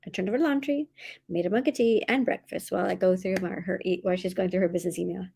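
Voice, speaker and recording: A woman hosting a casual livestream, reading out viewer comments from home, laughing often and going high-pitched when excited. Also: fast talker, gravelly, slightly rough. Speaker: livestream host of writing sprints.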